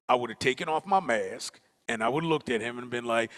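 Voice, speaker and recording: A man from Newark, New Jersey, performing an animated, slangy comic storytelling monologue to an audience in a large auditorium. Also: mid-range voice, fast, hardly any pauses. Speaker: spoken-word performer. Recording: auditorium with long reverb.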